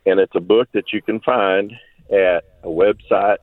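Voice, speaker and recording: Caller, a man with a deep voice, heartfelt and rambling, heard over a tinny, dry phone line. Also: steady tone, unhurried, dry recording. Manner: rambling, heartfelt, with many restarts. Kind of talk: call-in testimony. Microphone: telephone.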